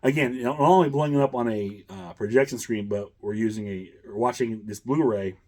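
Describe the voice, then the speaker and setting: A man's voice: medium pitch, a little fast, darkish tone. A man hosting a casual chat, rambling with many fillers and chuckles. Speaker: host.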